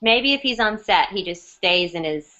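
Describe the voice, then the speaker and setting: A woman's voice: mid-range voice, animated, normal speed, sharp tone. A young woman co-hosting a casual live-stream fan chat, wry and joking, a bit worn out and unwell. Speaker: co-host of a fan chat show. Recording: dull lo-fi webcam audio.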